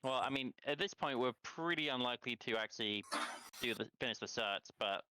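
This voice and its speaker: A man's voice: mid-range voice, animated, brisk, pushed and bright, clear, resonant tone, no echo, rough recording. A man chatting casually and thinking aloud about strategy during a board game stream. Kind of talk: casual chat.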